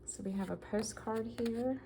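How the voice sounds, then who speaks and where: A woman from the American South talks through her vintage finds in an easy, enthusiastic vlog style. Her voice sits low and mellow, with a gravelly edge. A faint noise hangs behind her. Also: normal speed, rough recording. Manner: chatty and enthusiastic, reading items aloud. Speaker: vintage collector vlogger. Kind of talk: casual show-and-tell haul.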